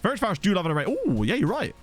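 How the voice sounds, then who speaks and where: A young man giving casual, joking commentary over a football management game, reacting with quick exclamations. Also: high voice, wildly swooping pitch, faint music behind. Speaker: gaming video host. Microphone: desk USB microphone.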